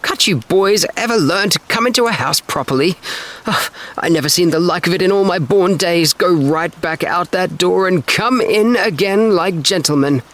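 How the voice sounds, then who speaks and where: A man voicing a fussy, scolding elderly aunt in a high, indignant falsetto. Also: normal speed, a bit bright.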